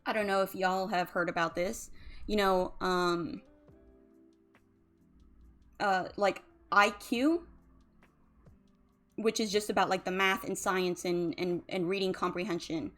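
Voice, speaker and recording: A woman's voice: medium pitch, fairly even intonation, slow pace, long pauses, fairly bright tone, soft background music. A woman, a drowsy, yawning streamer who rambles casually about emotions with lots of fillers. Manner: rambling, chatty, many fillers. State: sleepy, yawning.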